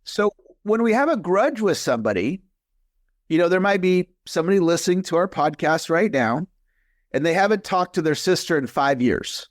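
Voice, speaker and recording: An earnest man in his fifties speaks as a guest in a conversational interview, with a somewhat high voice. His sound is dry and close, with no room around it. He repeats his key points and grows animated when he retells a scene. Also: normal speed, no room sound. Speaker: podcast guest, coach.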